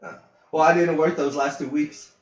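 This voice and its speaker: A man's voice: a little high, moderate pace. A man host telling work stories in a casual podcast chat, swearing and acting out the people he quotes. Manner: animated, swearing, acts out quotes loudly with laughs. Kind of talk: casual storytelling. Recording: echoey, dull lo-fi audio.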